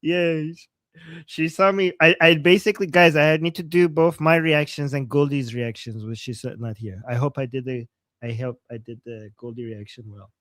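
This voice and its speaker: A man from Iran co-hosts a live reaction stream, reacting with bursts of exclamations and frequent laughter. His voice sits high for a man. The sound is dry and close, with no room echo. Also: steady tone, normal speed, a bit bright. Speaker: livestream co-host.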